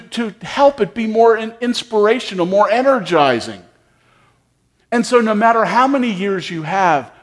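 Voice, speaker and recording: A man preaching a storytelling sermon in a fairly high voice that climbs and dips constantly. He is a pastor who leans into each anecdote and acts out the dialogue between the characters.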